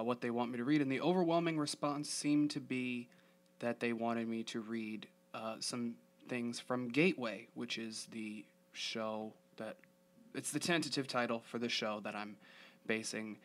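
A man talks through his own podcast in a loose, rambling way, full of fillers, restarts and asides. His voice sits at an ordinary middle pitch for a man. Later he reads scene directions from a screenplay in the same plain voice. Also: a bit bright. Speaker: podcast host. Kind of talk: casual solo podcast talk, then reading a screenplay aloud.

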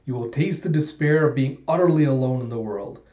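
Gloating villain shogun, comic read-aloud, low-key menace, a man doing it in a mellow voice, roomy dull mic. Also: a little fast, natural voice. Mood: scheming.

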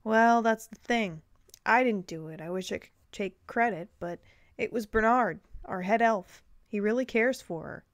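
A woman's voice: mid-range voice, unhurried, no room sound, clean studio sound, close to an everyday voice. A woman reading the lines of Santa, an earnest, worried father and uncle, in a plain, sincere voice.

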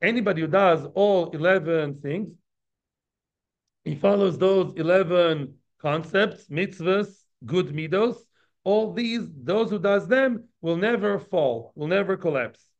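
Higher-voiced man teaching a Talmud class. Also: a little slow, dull audio. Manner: conversational, quizzes listeners with tag questions. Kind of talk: daily Talmud class lecture.

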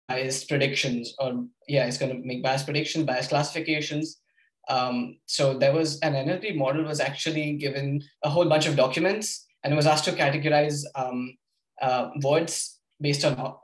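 A man's voice: mid-range voice, echoey room, rough recording. A young man giving an informal workshop lecture, with lots of ums, hesitations and restarts. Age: young adult. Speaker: workshop presenter.

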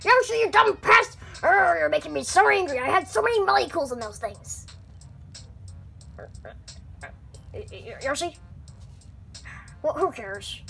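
A woman's voice: high voice, expressive, moderate pace, vocal fry, fairly bright tone, exaggerated voice. A woman voicing an absent-minded eccentric old male professor inventor, stammering and easily flustered in a fan puppet video.

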